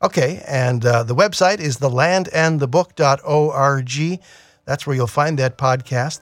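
A man's voice: fairly high pitch, animated, moderate pace, faint music behind. A man co-hosting a religious radio program, announcing in a friendly, upbeat, conversational way.

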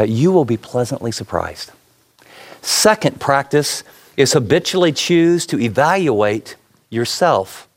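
A man's voice: medium pitch, vocal fry. Man preaching in a conversational way. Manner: conversational preaching with repeated phrases. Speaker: pastor. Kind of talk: sermon.

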